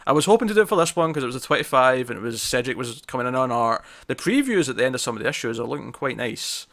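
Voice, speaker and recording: A man's voice: medium pitch, animated, very fast, creaky, a bit bright. A young man hosting a casual comics podcast, chatty and self-mocking, often stumbling over his words. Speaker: podcast host. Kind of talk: casual chat.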